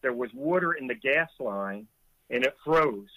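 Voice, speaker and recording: A middle-aged man who once served as a Coast Guard boatswain's mate vividly recounts a rescue as a guest in a conversation, chuckling along the way. His mid-range voice is expressive and measured, with dry, phone-quality sound.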